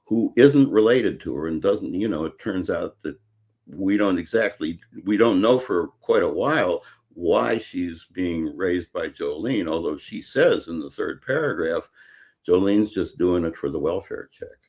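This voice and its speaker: An older man from Chicago, a guest author talking in a casual interview, halting with many fillers and restarts. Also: low voice, animated, a little mellow.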